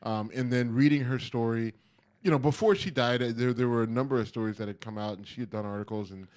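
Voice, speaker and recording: This middle-aged man's voice is medium in pitch and a little mellow, and he talks quickly. As a podcast co-host in casual conversation, he rambles freely, sprinkling in frequent ums and you-knows.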